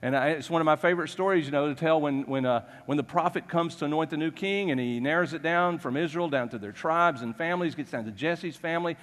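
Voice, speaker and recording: Animated preacher in a ringing church. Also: male voice, on the high side. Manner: animated, chuckling, restarts often. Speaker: pastor. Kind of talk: storytelling sermon. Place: church sanctuary. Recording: long church reverb.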